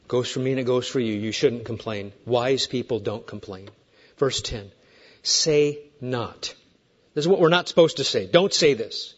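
A man in his sixties preaching a sermon as pastor, swinging between hushed asides and raised emphatic points with joking digressions. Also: medium pitch, lo-fi sound.

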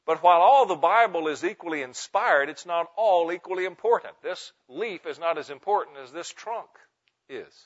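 A man preaching a teaching sermon to pastors, emphatic, slowing down and stressing single words. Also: fairly high pitch, animated. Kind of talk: sermon teaching on Bible meditation. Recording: muffled lo-fi sound.

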